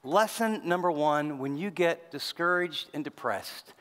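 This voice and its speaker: Animated, high-voiced male preacher in a hall. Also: measured pace, hardly any pauses. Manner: animated preaching with rhetorical question lists. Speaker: pastor. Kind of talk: sermon.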